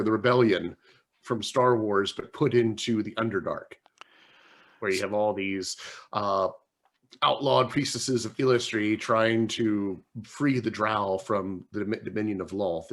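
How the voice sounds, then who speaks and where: A man's voice: on the low side, measured pace. A man who is a guest on a casual panel chat, talking eagerly with many fillers.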